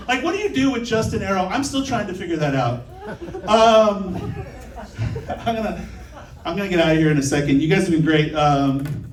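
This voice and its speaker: High-pitched guy doing a stand-up set at a club, ums a lot, kinda far off the mic. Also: echoey room. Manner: conversational joke-telling with frequent ums. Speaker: stand-up comedian. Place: comedy club stage.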